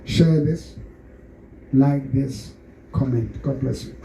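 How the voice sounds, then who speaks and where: A man's voice: mid-range voice, slow, vocal fry, mellow. A man preaching and leading a church service, switching languages and guiding the congregation through call-and-response prayer. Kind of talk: sermon and led prayer. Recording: echoey noisy church hall.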